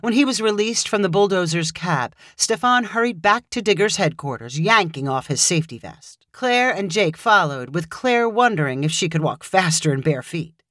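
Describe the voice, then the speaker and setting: Woman reading a story out loud, lots of ups and downs in her voice, dry close mic. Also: fairly low pitch, expressive, moderate pace, no echo. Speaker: narrator. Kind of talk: storytelling narration.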